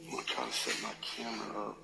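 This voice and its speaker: A man's voice: on the low side, very animated, fast talker, creaky, long reverb tail, very noisy. A man filming alone in an abandoned building, talking breathlessly and pleading as he investigates. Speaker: ghost hunter filming alone. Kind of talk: live paranormal investigation.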